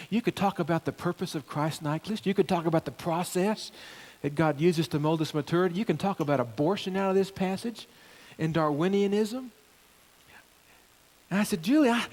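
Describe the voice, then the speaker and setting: A middle-aged male pastor preaching a sermon in church, pressing hard on key phrases and stepping through the verses to the congregation. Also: on the high side. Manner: animated preaching, rising emphasis on key phrases.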